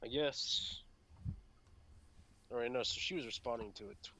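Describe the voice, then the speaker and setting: A man's voice: medium pitch, moderate pace, pushed and bright, slight background noise. A laid-back man co-hosting a casual podcast, swearing and reading posts aloud. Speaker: podcast co-host.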